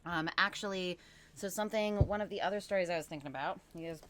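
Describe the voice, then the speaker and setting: A woman guest on a podcast, telling a long personal story casually, animated and rambling with lots of fillers. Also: on the low side, quick pace.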